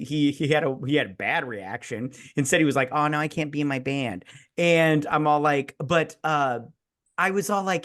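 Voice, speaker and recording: A woman's voice: deep voice, moderate pace. A tipsy woman co-hosting a casual movie review chat, rambling and profane with lots of restarts. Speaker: podcast co-host.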